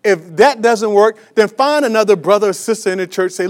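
A man with a notably high voice preaches to his congregation as their pastor. He is emphatic and repetitive, full of restarts and fillers, and keeps asking the church rhetorical questions. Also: brisk, hardly any pauses. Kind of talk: sermon.

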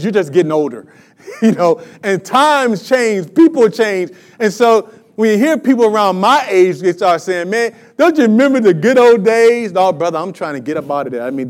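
A man, preaching a sermon with energy and rhetorical questions to his congregation. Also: sits high. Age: 50s. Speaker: pastor.

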